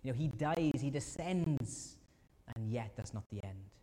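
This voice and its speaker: A man preaching a sermon in earnest tones, at times crying out anguished prayers in a higher voice. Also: expressive, measured pace, warm tone. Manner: earnest, acts out anguished prayers with rising pitch. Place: church hall. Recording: long reverb of a church hall.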